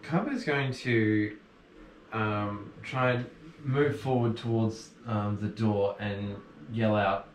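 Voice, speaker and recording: A man playing in a tabletop game, relaxed and a little hesitant. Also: lowish voice, slow pace, reverberant, a little hiss or hum. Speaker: player.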